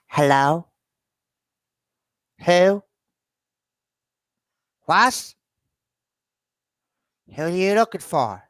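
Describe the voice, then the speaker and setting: A woman's voice: on the low side, animated, drawn-out words, long pauses, no room sound, studio quality, voice pushed up. A man voicing a cranky, nasty old woman answering the phone, snapping short questions and barking at people. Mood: suspicious.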